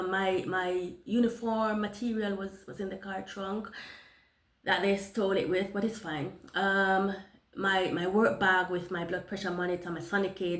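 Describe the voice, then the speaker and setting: A woman telling a personal testimony, animated, with many restarts and acted-out dialogue. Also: mid-range voice, roomy sound. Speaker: motivational storyteller.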